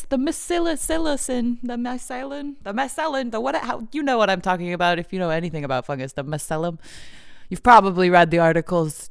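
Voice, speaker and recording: A woman's voice: on the low side, clean tone, dry recording, studio quality. A woman talking in a casual, meandering monologue, full of fillers and frequent laughs.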